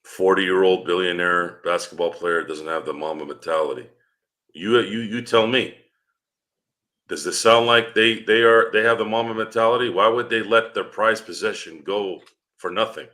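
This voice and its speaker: Deep, forceful man on a fan podcast. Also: moderate pace. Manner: heated, rhetorical, swears freely. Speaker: guest commentator. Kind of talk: casual podcast chat.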